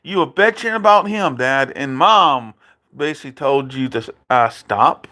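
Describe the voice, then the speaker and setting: A man's voice: medium pitch, animated, a little slow, pushed and bright. A man ranting in a political commentary vlog, indignant and repetitive, speaking directly to his father. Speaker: video creator.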